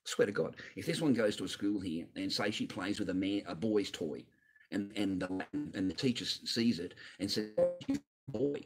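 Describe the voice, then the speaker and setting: A man's voice: deep voice, normal speed, soft background music. A man hosting his own channel, ranting on a livestream in an angry, profane, rambling way. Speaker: channel host. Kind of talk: livestream rant.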